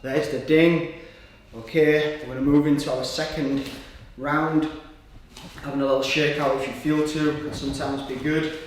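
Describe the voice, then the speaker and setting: Man, somatic exercise coach, slightly high voice, encouraging cues, audible breaths, very echoey room, distant from mic. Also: little pitch movement, moderate pace, a little hiss or hum. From Britain. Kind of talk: guided exercise instruction.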